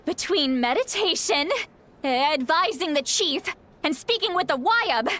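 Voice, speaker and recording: A woman's voice: high-pitched, lively intonation, measured pace, a bit bright. Tipsy, boastful granny shaman. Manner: slurring, complaining, theatrical. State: drunk. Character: tipsy grumpy old woman shaman, boastful. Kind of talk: video game voice acting.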